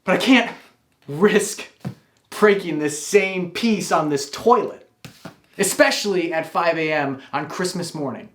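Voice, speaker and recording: A man's voice: sits high, expressive, measured pace, a bit bright, roomy sound. A man telling a wry, confessional personal story.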